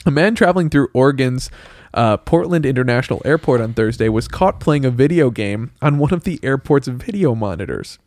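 Playful, lively young man in casual banter. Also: brisk, hardly any pauses, dry recording. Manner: playful, deadpan refusals, bursts of high laughter. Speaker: podcast co-host.

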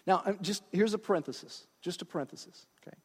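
A man's voice: sits high, quick pace, a little mellow, husky, big-room sound. A male pastor preaching a sermon in a conversational way, with frequent asides and check-ins with the congregation.

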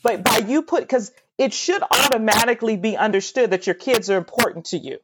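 A woman, a mother, co-hosting a casual chat, animated and opinionated, mimicking people in mocking voices. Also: fairly high pitch, fairly quick. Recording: loud background hiss.

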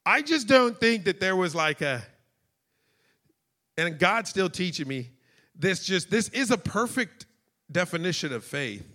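A man preaching a sermon with emotion, swinging into shouts and acting out voices as he tells stories. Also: sits high, big pitch swings, a little slow, long pauses.

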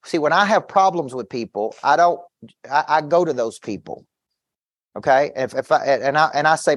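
Speaking on the high side in an expressive way at a moderate pace, a male business coach presents an intense motivational seminar. He tells stories with quoted back-and-forth dialogue and repeats words for emphasis. The audio is clean studio sound with no echo.

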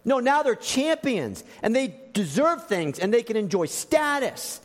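An animated male preacher who tells stories and acts out the scenes. His high voice swoops widely. A long reverb from a large church hall hangs behind every phrase. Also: a little slow. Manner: animated storytelling, acting out scenes. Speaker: pastor. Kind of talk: sermon.

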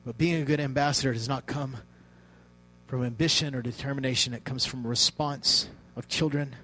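A man preaching a sermon in a conversational way, telling a story with hushed asides. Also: medium pitch, steady tone, brisk, slight background noise, rough recording.

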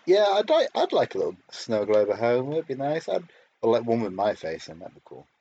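A man's voice: medium pitch, huge pitch swings, brisk, warm tone, muffled recording, a little hiss or hum. A man co-hosting a podcast, chatting casually and hesitantly, with many restarts. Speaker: podcast co-host. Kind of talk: casual episode review chat.

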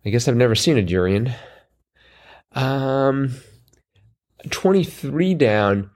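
A man's voice: mid-range voice, expressive, takes it slowly, darkish tone. A man co-hosting a crossword podcast, chatting casually with wry puns and many fillers. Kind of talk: casual chat.

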